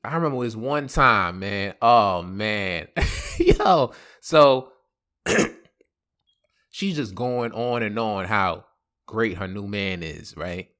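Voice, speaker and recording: A man hosting a podcast, telling a comic personal story in slangy, animated talk. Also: fairly low pitch, extremely slow. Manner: animated, slangy, laughing asides. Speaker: podcast host. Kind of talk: comedic storytelling.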